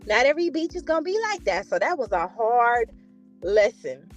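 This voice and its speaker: A woman from the Los Angeles area telling a story in casual chat, animated and laughing, acting out the voices in the dialogue. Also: highs cut off. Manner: animated, laughing, acts out dialogue with big pitch jumps.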